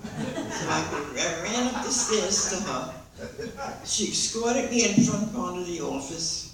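An older woman giving a lively personal testimony to a meeting, acting out the dialogue as she tells it. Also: on the low side, measured pace, a little hiss or hum. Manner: lively storyteller who acts out dialogue and laughs along. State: hard of hearing. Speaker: recovery meeting speaker. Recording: echoey hall recording from far off.

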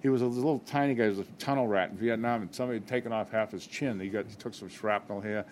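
A man's voice: fairly low pitch, quick pace, darkish tone, a little hiss or hum. An older man giving a personal recovery talk at a meeting, candid and self-mocking, often restarting his sentences.

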